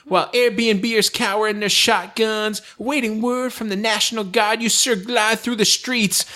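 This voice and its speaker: A woman's voice: on the high side, fairly even intonation, measured pace, fairly bright tone. A man putting on a female voice for a gushing, lovestruck woman praising a man she admires. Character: gushing woman writing a love note.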